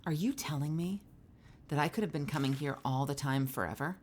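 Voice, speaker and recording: A woman's voice: low-pitched, brisk, a little mellow, slight background noise. A woman streaming a video game live, chatting playfully with her viewers as she plays. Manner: playful, chatty, talks to chat. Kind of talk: live gameplay commentary.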